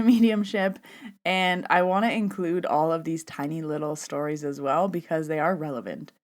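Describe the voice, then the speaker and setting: A young adult woman hosting a podcast, telling a story in a chatty, animated way and acting out the dialogue she quotes. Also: fairly low pitch. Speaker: podcast host. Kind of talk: casual storytelling monologue.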